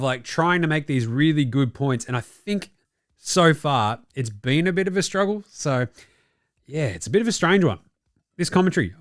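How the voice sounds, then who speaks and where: A man's voice: a little high, a bit bright, dry recording, clean studio sound. Sweary Australian man ranting about sport. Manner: profane, ranting, does mocking quoted voices. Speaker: basketball podcast host. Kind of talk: opinionated sports commentary chat.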